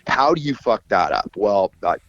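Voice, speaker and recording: A middle-aged man, a guest musician, telling stories in a casual, animated, profane way. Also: on the low side, normal speed. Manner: animated, profane, acts out quoted voices. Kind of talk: casual storytelling interview. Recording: dull lo-fi audio.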